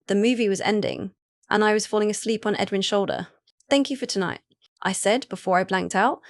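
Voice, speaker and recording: A woman narrating a first-person audiobook in an even, steady reading. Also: medium pitch, no echo, clean studio sound.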